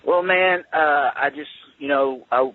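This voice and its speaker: A man's voice: fairly high pitch, unhurried, no echo. A tired man from Mississippi with a Southern accent calling into a show, friendly and stumbling over his words. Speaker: caller. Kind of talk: casual call-in chat. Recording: dry phone-line audio.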